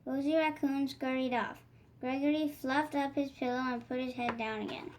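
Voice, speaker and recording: A woman reading a children's picture book aloud in a gentle, expressive way. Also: sits high, normal speed, slight background noise, poor audio. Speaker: storybook reader. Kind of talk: children's read-aloud narration.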